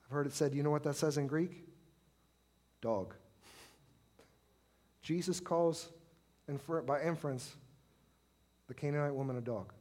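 A middle-aged man preaching a sermon, impassioned, swelling to loud pleading when he acts out prayers. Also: on the high side, unhurried, long pauses.

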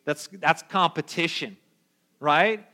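Slangy, animated male preacher. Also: on the high side, takes it slowly. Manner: animated, slangy, acts out quoted voices. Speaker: pastor. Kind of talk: casual conversational sermon.

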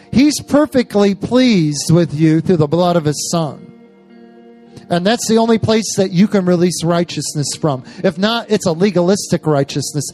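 A man's voice: high voice, a little mellow. A man preaching an impassioned sermon and praying over a church service, with fervent, repeated declarations.

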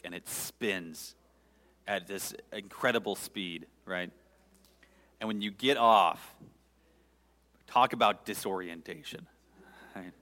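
Low-voiced male pastor, earnest sermon delivery, long reverb of a church hall. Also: bright, forceful tone. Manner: earnest, pausing, conversational with the congregation.

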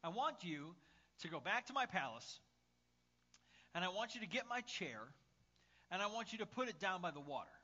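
A proud medieval king gives slow, booming commands, as a male preacher puts him on. The voice sits high and bright and swings widely. The recording is slightly muffled. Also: very animated, exaggerated voice. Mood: commanding. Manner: slow, loud royal commands.

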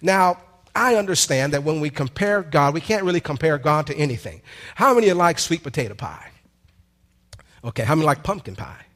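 A male pastor preaching a sermon with call-and-response, drawn-out emphatic lines and casual conversational asides. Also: a little high, big pitch swings, fairly bright tone.

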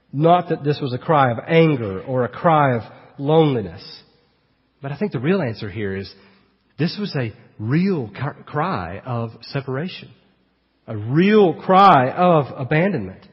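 A man preaching an expository sermon as pastor, dropping to hushed asides and rising to emphatic quoted cries. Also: animated, a little slow, husky. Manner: swings between hushed low asides and raised emphatic quotes. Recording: dull sound with long reverb in a hall.

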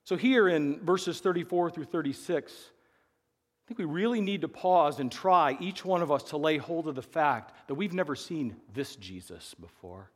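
Guy preaching a sermon, high voice, long echo like a big church hall, earnest, gets loud then goes real quiet. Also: lively intonation, moderate pace. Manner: earnest, swings between emphatic and hushed. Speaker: pastor.

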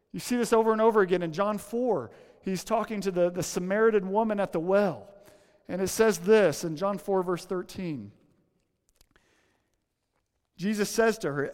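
A male pastor preaches with a notably high voice. He talks in a casual, joking tone and drops low and quiet to stress a point. His words ring out with long reverb, as in a large hall. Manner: conversational, humorous asides, drops low and soft for emphasis. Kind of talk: sermon.

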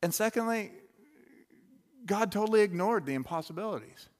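A man's voice: sits high, animated, normal speed, darkish tone. A man preaching a sermon in a loose, conversational way, full of asides and restarts. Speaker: pastor.

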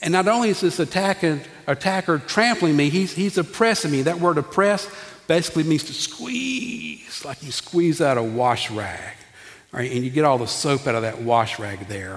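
In a church sanctuary, a man preaches a sermon in a folksy, animated style, tossing asides to the congregation. His voice is medium-pitched and a little fast, carried by the long reverb of the hall.

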